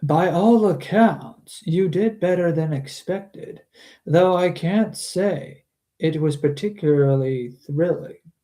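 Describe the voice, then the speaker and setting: Storybook trickster god, put on by a man, aloof, slow and grand, a touch of old man, highish. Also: dark tone. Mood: dryly amused. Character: mysterious divine male trickster god, aloof.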